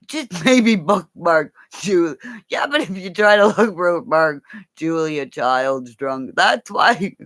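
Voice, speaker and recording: A woman's voice: low voice, a bit bright, no room sound. A woman chatting on a livestream, rambling from one thought to the next, laughing often and swearing now and then. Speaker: livestream host. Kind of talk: casual livestream chat.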